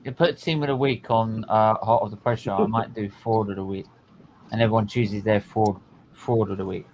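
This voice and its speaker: A man's voice: fairly low pitch, brisk, a little hiss or hum, rough recording. A man hosting a live football watchalong, chatting casually and eagerly. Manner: lively, laughing, eager.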